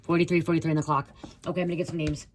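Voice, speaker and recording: A woman's voice: sits low, little pitch movement, very fast, background noise. A woman giving a rambling channeled psychic reading, blurting out words she hears and swearing casually. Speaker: psychic reader.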